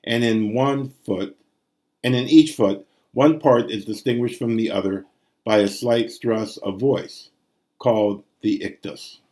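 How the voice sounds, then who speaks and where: A man's voice: lowish voice, unhurried, darkish tone. A man teaching ancient Greek prosody in a recorded lesson, sounding out syllables and rhythms aloud.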